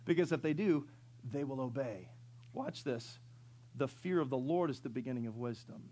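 A man's voice: medium pitch, expressive, normal speed, mellow. A man in his fifties preaching a sermon, who tells funny stories and asks the congregation questions. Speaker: pastor.

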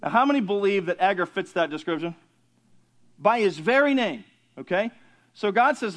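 Male pastor with a high voice, teaching scripture conversationally, quizzes and teases the class. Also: animated, moderate pace, pauses often. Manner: conversational, asks the class questions, jokes with listeners. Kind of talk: teaching sermon.

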